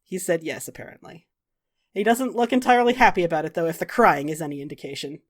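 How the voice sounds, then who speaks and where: A woman's voice: on the low side, fast talker. A woman running a tabletop game as game master, narrating with wry, dry asides and casual swearing.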